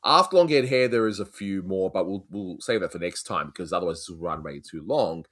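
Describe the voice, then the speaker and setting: A man's voice: low-pitched, animated, fairly quick, fairly bright tone. Rambling stammering male host. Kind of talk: casual chat.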